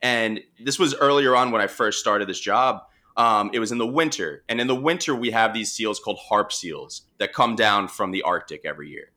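A young man with a Long Island accent, telling a work story in a relaxed, chatty way, with lots of restarts and fillers. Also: on the low side, moderate pace, few pauses. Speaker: marine mammal responder. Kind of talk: casual storytelling conversation.

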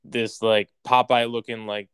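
A man's voice: on the low side, level tone, measured pace, a crowd in the background. A young man telling a story in casual conversation, rambling and using "like" constantly. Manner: rambling, heavy use of "like".

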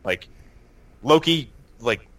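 A young man co-hosting a podcast in casual chat, animated and swearing freely, acting out quotes as he talks. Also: medium pitch, takes it slowly, dry recording. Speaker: podcast co-host.

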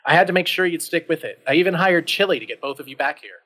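A woman's voice: low voice, lively intonation, moderate pace, a bit bright. A man voicing a bossy, impatient female producer who scolds the crew. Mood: scolding.

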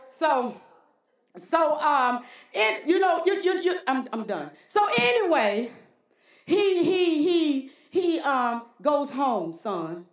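A woman preacher delivering a folksy, animated sermon with call-and-response, in a church. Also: sits high, takes it slowly. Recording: roomy church hall echo.

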